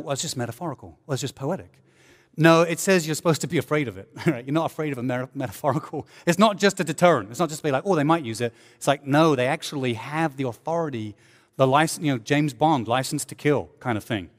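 A man preaching a sermon as pastor, animated, with joking asides and sarcasm. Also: medium pitch, quick pace, big-room sound.

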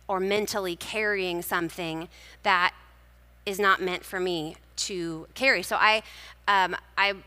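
A woman's voice: lowish voice, fairly even intonation, a little slow, bright, forceful tone, clear, resonant tone, long reverb tail. A woman giving a personal devotional sermon, telling stories and reading scripture in a conversational way. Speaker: speaker at a church gathering.

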